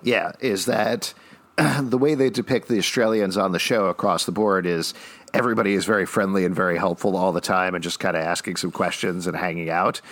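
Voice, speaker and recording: A man with a fairly low voice hosts a casual podcast. He recaps an episode plot with dry, easygoing asides. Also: steady tone, fairly quick, a bit bright. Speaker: podcast host.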